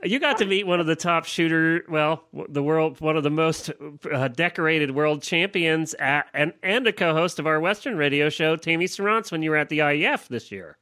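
A man's voice: on the high side, normal speed, few pauses, pushed and bright. A man co-hosting a radio show, joking and teasing his guest. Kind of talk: casual radio interview.

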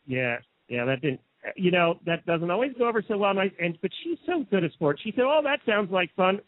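In a casual radio interview, a man hosting the show tells stories in a chatty, enthusiastic way. His voice sits high with lively intonation and a fairly quick pace. He's based in the Lexington area, United States, and the dry recording sounds narrow, like a phone.

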